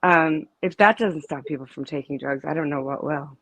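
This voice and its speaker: A woman's voice: low-pitched, normal speed, a bit bright, no echo, rough recording. Emphatic middle-aged woman, dry close sound. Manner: emphatic, storytelling, with many restarts. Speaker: interview guest, mother of a student. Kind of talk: casual interview conversation.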